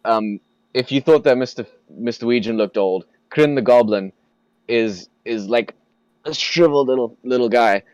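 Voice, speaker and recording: A man narrating as game master in a relaxed, hesitant way with many fillers. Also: medium pitch, moderate pace, clear, resonant tone, no echo, highs cut off.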